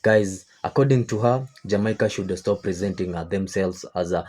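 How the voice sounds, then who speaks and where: A man hosting a reaction channel, talking haltingly with many fillers. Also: low-pitched, darkish tone. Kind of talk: casual reaction video intro.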